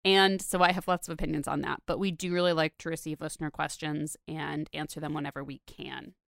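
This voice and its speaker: A young woman hosts a casual podcast in a dry, close-miked space, her voice smooth and clear. She talks in a chatty, rambling way, full of fillers and little laughs. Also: deep voice, steady tone, a little fast, fairly bright tone, dry recording. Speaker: podcast host.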